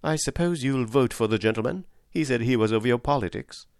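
A man voicing a gentle working-class wife in a storybook reading, speaking mildly. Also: medium pitch, fairly quick, no echo, clean studio sound, pitched above the performer's own voice, lightly acted.

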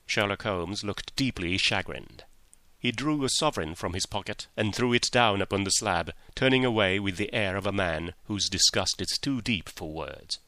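A man narrating a classic story in measured audiobook style. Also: on the low side, sharp tone, no echo.

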